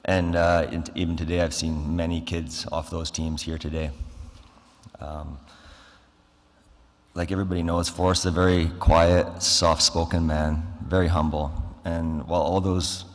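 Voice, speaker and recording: Deep-voiced man telling stories in a reverberant hall. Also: level tone. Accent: Canadian. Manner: halting, many fillers and restarts, acts out phone dialogue. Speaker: eulogy speaker. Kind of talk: memorial speech, storytelling. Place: large hall at a memorial service.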